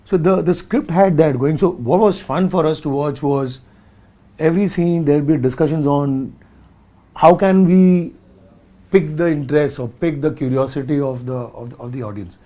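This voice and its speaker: A man's voice: fairly high pitch, normal speed, dark tone. A man with an Indian accent, a film director talking casually in an interview, thoughtful and full of restarts. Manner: thoughtful, rambling with many restarts and asides.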